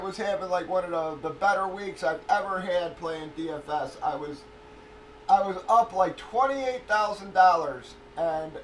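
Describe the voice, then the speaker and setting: A man with a fairly high voice hosts a livestream, talking loosely and swearing a lot, often breaking into laughter. He sits a little back from the mic, and a faint hiss runs under his voice. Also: recorded from a distance, low-quality recording. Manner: profane, rambling, laughs often. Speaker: livestream host of card breaks. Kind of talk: casual livestream chat. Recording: voice a bit off-mic with faint noise.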